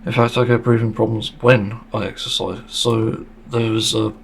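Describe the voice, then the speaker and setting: A man's voice: fairly low pitch, flat delivery, normal speed, creaky, a little hiss or hum. A man hosting a casual solo podcast monologue, speaking bluntly and frankly, with plenty of swearing and the odd sarcastic aside. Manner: sarcastic at times. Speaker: podcast host.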